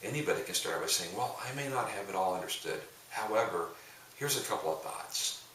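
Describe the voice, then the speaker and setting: A man's voice: fairly low pitch, animated, a little fast, bright, forceful tone. A middle-aged man, a pastor and coach, telling rambling, jokey stories in casual talk with frequent restarts. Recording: roomy echo, distant mic, faint hiss.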